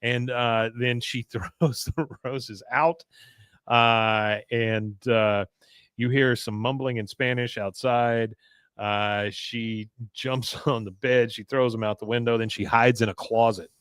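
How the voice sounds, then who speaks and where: A man's voice: medium pitch, steady tone, slow pace, fairly bright tone, clean tone, no room sound. Casual man recapping a show, dry mic. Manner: rambling, fillers, chuckling asides. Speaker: podcast host.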